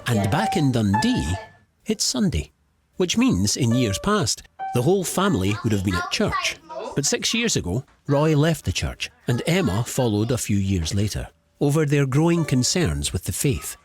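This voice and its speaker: A man's voice: mid-range voice, huge pitch swings, normal speed. A man narrating a documentary in a scripted voice-over with dry, wry storytelling. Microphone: studio voice-over. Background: music.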